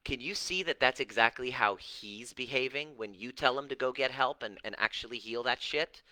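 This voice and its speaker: In a direct-to-camera talk answering viewers, a middle-aged relationship and healing coach lectures bluntly, cursing and mimicking people in mocking voices. His mid-range voice is pushed and bright at normal speed, in a low-quality recording without echo.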